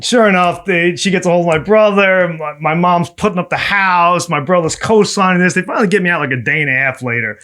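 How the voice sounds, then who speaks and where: A man in his thirties, a podcast guest, recounts his story in a casual, animated way. His voice sits a little high for a man, and he slips into the voices of the people he quotes. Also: fairly quick, few pauses.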